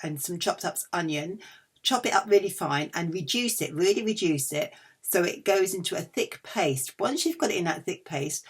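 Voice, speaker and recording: Chatty husky woman vlogger. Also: on the low side, expressive, moderate pace. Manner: cheeky, chatty, self-mocking. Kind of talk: chatty food haul vlog.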